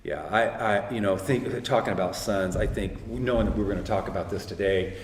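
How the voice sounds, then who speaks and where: Middle-aged man, low voice, earnest church storyteller, long echo in a big hall. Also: fairly quick, a little hiss or hum. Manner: earnest storyteller who keeps quoting others. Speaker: guest speaker. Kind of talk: conversational church talk. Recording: echoey hall with long reverb, faint ambience.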